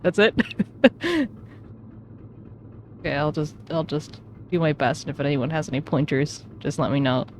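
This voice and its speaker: A woman's voice: deep voice, expressive, measured pace, pauses often, a little mellow, a little hiss or hum. A woman streaming a game, chatting casually and rambling with self-mocking jokes. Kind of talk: casual gaming commentary.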